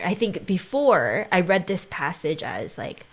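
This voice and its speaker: Soft-spoken woman, lowish voice. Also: animated, normal speed, hardly any pauses. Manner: soft-spoken, earnest, often drops to a near whisper; heavy use of "like" and "right?". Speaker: podcast host. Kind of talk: casual conversation.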